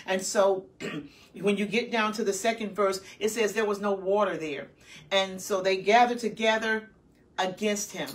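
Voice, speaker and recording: Female minister-host, emphatic preaching voice, middle pitch, recorded from a distance. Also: steady tone, a little slow. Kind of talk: preaching with Bible storytelling. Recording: distant mic.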